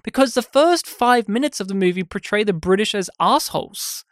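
A man co-hosting a podcast, casually reviewing a film with animated, sweary retellings of scenes. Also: high-pitched, moderate pace, dry recording, studio quality. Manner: animated, sweary, acts out scenes in quoted voices. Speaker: podcast co-host.

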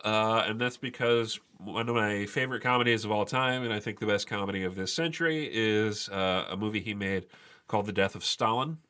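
A man's voice: on the low side, brisk, sharp tone. A man co-hosting a podcast in casual chat, wry and opinionated, with hesitant fillers. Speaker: podcast co-host.

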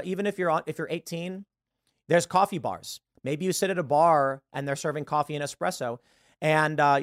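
A man's voice: a little high, dry recording, clean studio sound. A man hosting a live show in a casual, rambling monologue, acting out little dialogues. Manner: animated, acts out quoted dialogue in changing voices; rambling, with frequent restarts. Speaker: podcast host.

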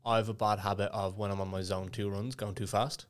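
A man's voice: on the low side, flat delivery, a little fast. Earnest podcast co-host, a man. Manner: earnest, defensive, reads out listener questions. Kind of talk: casual chat.

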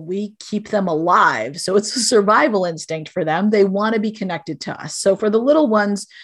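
A middle-aged woman, a guest on a podcast, gives parenting advice in an earnest, direct, explanatory way. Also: medium pitch.

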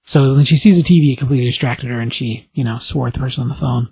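A man's voice: mid-range voice, creaky, breathy edge, dry recording. A man hosting a podcast, casually and animatedly recapping a comic book and acting out the dialogue. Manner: animated storytelling, acting out dialogue in quick voices. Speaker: podcast host.

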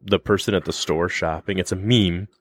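A man co-hosting a casual podcast chat, rambling and joking in an animated way. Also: low voice, normal speed, a little hiss or hum. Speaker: podcast co-host.

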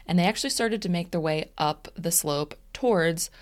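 Relaxed woman telling a story, low voice. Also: normal speed. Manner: relaxed narration, laughs easily. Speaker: podcast co-host telling the story. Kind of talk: casual storytelling chat.

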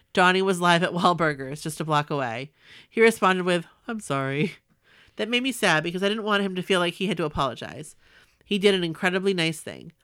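A woman's voice: on the low side, a bit bright, clear, resonant tone, no room sound, studio quality. A woman in her forties reading a personal story aloud in an earnest, emotional way. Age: 40s.

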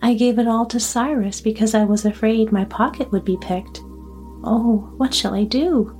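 A woman's voice: mid-range voice, a little slow, warm tone, faint music behind, natural voice. A woman voicing a talkative, anxious old grandmother in a storybook reading. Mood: flustered. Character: chatty fussy old grandmother.

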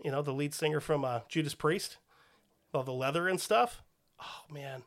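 A man's voice: a little high, moderate pace, a bit bright. A man hosting a podcast in casual chat, profane and joking. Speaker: podcast host.

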